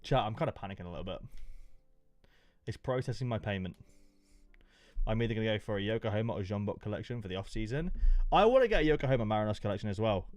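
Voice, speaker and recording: A young man casually chatting to his live stream chat, excitable, going from mumbles to yelps. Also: on the low side, no echo. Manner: excitable, swings between mumbling and yelping.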